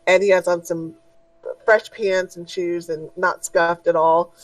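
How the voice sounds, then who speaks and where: Woman game master, lowish voice, dry mic. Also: a little slow, no echo, distant mic, rough recording. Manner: relaxed, filler-heavy narration. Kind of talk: narrating a tabletop game.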